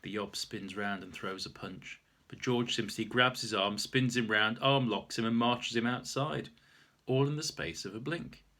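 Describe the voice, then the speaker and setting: A man's voice: fairly low pitch, measured pace, pushed and bright. A man reading his own story aloud in a wry, self-mocking way. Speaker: author reading his memoir.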